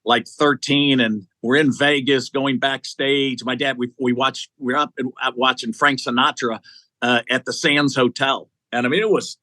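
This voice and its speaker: A man's voice: mid-range voice, normal speed, no room sound. A middle-aged man, an executive search CEO, telling stories as a guest in an interview, acting out the people he quotes. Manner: animated storyteller, acting out quotes. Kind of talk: storytelling in an interview.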